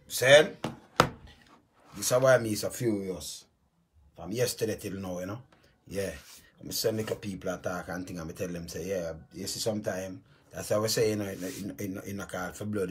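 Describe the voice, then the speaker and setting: A man with a Jamaican accent, giving an animated and heated account of a police encounter, acting out the voices of the officers. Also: sits low, slight background noise.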